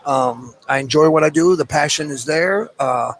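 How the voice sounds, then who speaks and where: A man's voice: on the high side, normal speed, poor audio. A middle-aged man talking earnestly and in a rambling way about his work in a casual interview. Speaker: cigar maker. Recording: faint background noise.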